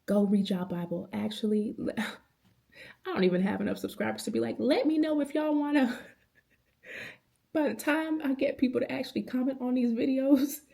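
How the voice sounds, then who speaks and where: Woman vlogger, thirties, gravelly voice, mellow tone, rambling passionate Bible chat, slangy y'all talk, at home. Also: on the high side, steady tone, moderate pace, pauses often. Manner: passionate, rambling, with many restarts and laughs; casual slang with habitual "be", addresses viewers as y'all. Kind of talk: casual late-night Bible chat to camera. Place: at home indoors.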